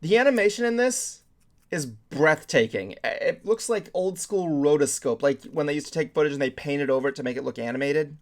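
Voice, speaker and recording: A man's voice: fairly high pitch, animated, brisk. A man hosting a casual nerdy talk show, rambling and often stumbling over his words as he talks through movie trailers. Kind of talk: casual chat.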